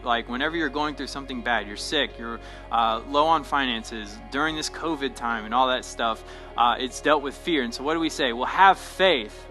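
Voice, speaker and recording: A man's voice: medium pitch, bright, forceful tone, poor audio. A young man, a pastor, giving a short devotional talk in a casual, conversational way that often checks in with "right?".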